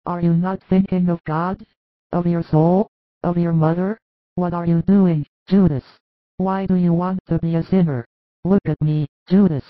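A woman voicing a gentle, devout mother who pleads earnestly, read as audiobook dialogue. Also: lowish voice, steady tone, normal speed, no echo, natural voice. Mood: pleading. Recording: dry, tinny phone-like sound.

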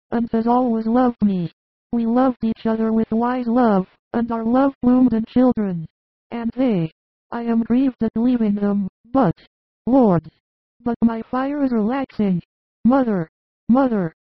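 A woman's voice: on the high side, no room sound. A woman playing a sick young mother who speaks in a pleading, emotional way. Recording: muffled, narrow phone-like sound.

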